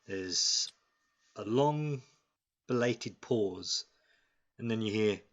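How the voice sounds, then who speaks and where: A man narrating as game master, halting often with fillers and restarts. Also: fairly low pitch, lively intonation. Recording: dull lo-fi sound.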